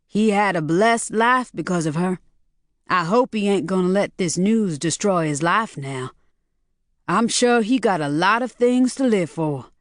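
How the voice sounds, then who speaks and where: A woman's voice: on the low side, no room sound, studio quality. A woman narrator voicing a protective man who stands up for his sister, speaking emphatically.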